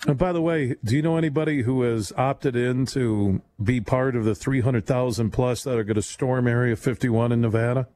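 A man hosting a late-night radio talk show, rambling and animated, laughing often as he talks. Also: medium pitch, normal speed, few pauses, slight background noise.

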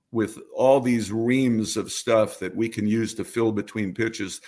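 An older man, a baseball radio announcer, calmly explaining his craft in an interview with a lot of "you know". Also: fairly low pitch. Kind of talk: relaxed interview answers.

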